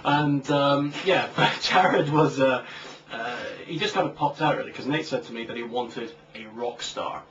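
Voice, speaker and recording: A man's voice: medium pitch, moderate pace, fairly bright tone. A young man chatting casually as a co-host, rambling and joking with lots of fillers. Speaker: co-host, comic creator. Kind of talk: casual chat. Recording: distant lo-fi mic with faint hiss.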